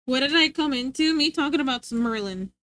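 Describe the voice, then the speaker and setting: A woman's voice: expressive, fairly quick, a bit bright, no echo. A woman livestreaming and chatting with her viewers in a playful, rambling way, tripping over her words and restarting sentences. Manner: high sing-song voice when scolding her dog. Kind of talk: casual stream chat.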